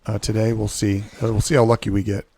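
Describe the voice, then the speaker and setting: A fast-talking man with a fairly low, husky, gravelly voice that's a little mellow and barely shifts in pitch streams a pirate game live. He rambles and self-corrects through his rules with restarts, muttering under his breath during play, in casual commentary.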